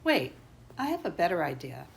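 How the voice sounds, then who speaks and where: A woman's voice: very animated, fairly quick, gravelly, heavily acted. A grandmother doing a bossy red noodle boy. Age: older. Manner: high and loud.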